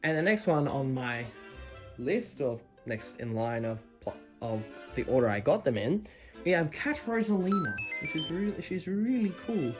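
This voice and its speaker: A woman's voice: low-pitched, normal speed, soft background music. A young woman with an Australian accent, chatting casually and jokingly as she shows off her plush collection in a vlog. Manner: chatty, animated, jokey and self-deprecating. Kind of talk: casual show-and-tell vlog.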